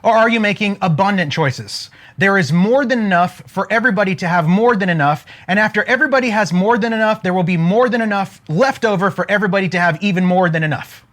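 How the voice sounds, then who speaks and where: A man around forty giving an energetic motivational talk, throwing rhetorical questions at his listeners. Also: high-pitched, fast, hardly any pauses. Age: 40s. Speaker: motivational speaker.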